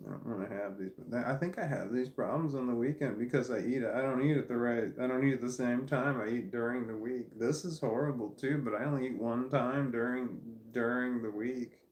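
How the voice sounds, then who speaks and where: A man talks straight to the camera in a loose, meandering monologue at a middle pitch, often trailing off and circling back. His voice echoes around the room he's sitting in at home. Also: a little fast, few pauses, darkish tone, slight background noise. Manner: candid, wandering, self-deprecating, often trailing off. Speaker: vlogger. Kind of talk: casual rambling monologue to camera. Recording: roomy echo.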